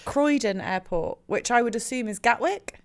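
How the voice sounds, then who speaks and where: A woman co-hosting a podcast in casual chat, blunt, sweary and quick to giggle. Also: on the high side, animated. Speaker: podcast co-host.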